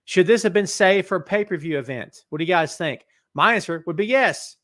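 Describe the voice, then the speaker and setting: A man's voice: sits high, expressive, a little fast, fairly bright tone. A man hosting a live wrestling talk show from his office on a podcast mic, joking around and reading viewer comments aloud. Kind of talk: live-stream chat with viewers. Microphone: podcast microphone setup.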